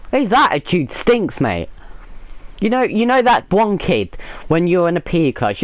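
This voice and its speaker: A man rants through a fan reaction to a match, blunt and heavy with sarcasm. His voice sits a little high and swings widely up and down. The sound is close and dry, with no room around it. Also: no echo. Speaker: football fan vlogger.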